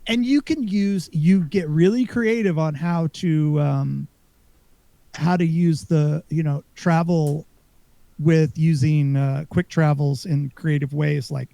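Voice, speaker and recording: A man's voice: on the high side, fairly even intonation, slow, creaky, dark tone, dry recording. A man co-hosting a podcast, chatting casually and rambling about a video game with lots of fillers and restarts. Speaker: podcast co-host. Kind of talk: casual gaming chat.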